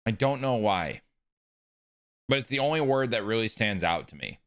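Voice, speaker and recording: A man chats casually with viewers while live streaming a video game, joking and swearing freely. His voice is lowish and very animated, at a moderate pace.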